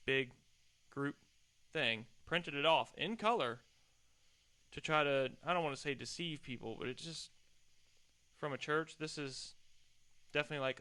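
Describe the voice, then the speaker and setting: Bright-voiced man rambling on a solo podcast. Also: fairly high pitch, normal speed. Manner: rambling, self-deprecating, chatty. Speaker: podcast host.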